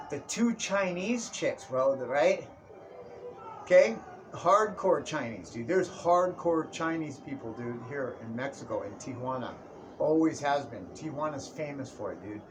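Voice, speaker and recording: A young man with a somewhat high voice tells a rambling comic story, swearing freely and calling his listener dude and bro. A faint hiss of room noise sits under him. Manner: profane, slangy, keeps saying dude and bro. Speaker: vlogger. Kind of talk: casual comedic storytelling. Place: indoors, Tijuana area.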